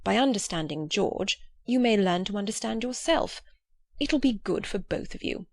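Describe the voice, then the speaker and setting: A woman voicing an earnest, gentle old man who talks in a pleading, philosophical way. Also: medium pitch, animated, moderate pace, gravelly, dry recording.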